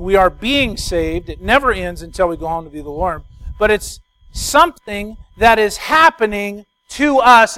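A man preaching a sermon, explaining a verse and stressing key words slowly and emphatically. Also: high-pitched, poor audio. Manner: builds from quiet storytelling to loud emphatic preaching.

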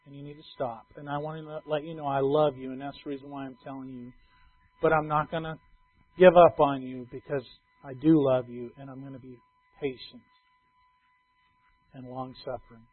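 A middle-aged male pastor giving a conversational sermon, swinging between loud emphatic lines and soft quiet asides. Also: medium pitch, big pitch swings, normal speed, slightly rough. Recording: tinny phone-like sound.

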